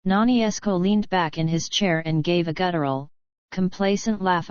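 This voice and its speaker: A woman with a smooth, low voice narrates a scripted audiobook at a moderate pace. The recording is dry, dull and lo-fi.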